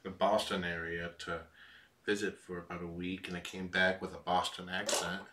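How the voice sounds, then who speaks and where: A man casually commenting to viewers from home, relaxed and chatty with dry asides. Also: deep voice, moderate pace, far from the mic, background noise. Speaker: live stream host. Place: home room with cats.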